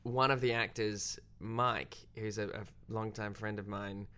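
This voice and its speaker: A man's voice: a little slow, clean tone. A young Australian man, a filmmaker guest, telling a story in casual, self-deprecating chat. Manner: animated, self-deprecating, jumps pitch when quoting.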